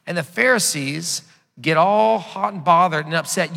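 A man preaching a sermon with a bright, forceful tone and a slightly higher pitch. He tells the story conversationally and often restarts his sentences. His voice carries a long reverb from a large hall. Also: moderate pace, vocal fry. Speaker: pastor.

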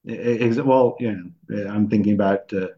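A lower-pitched man who co-hosts a podcast and talks through his points in a halting, thoughtful way. He restarts his phrases and fills pauses often. The recording is muffled and lo-fi. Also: warm tone, slightly rough. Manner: hesitant, many restarts and fillers. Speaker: podcast co-host. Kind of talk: conversational discussion. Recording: dull lo-fi recording.

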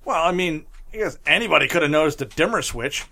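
A man's voice: fairly high pitch, animated, fast talker, pushed and bright, slight background noise. A man co-hosting a podcast, casually recapping a film, loose and jokey. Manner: laughs often, loose and jokey. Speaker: podcast co-host.

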